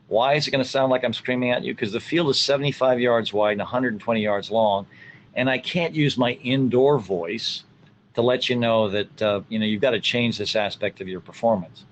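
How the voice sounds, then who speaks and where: A man's voice: medium pitch, a little fast, slight background noise, low-quality recording. A middle-aged man, a college soccer coach, answering interview questions in a reflective way with many fillers. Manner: reflective, many fillers, acts out what he tells players.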